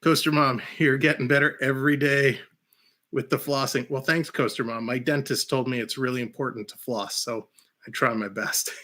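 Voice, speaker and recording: A man hosting a casual live-stream of hockey play-by-play and chat, who bursts into shouts on big plays. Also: medium pitch, steady tone, normal speed.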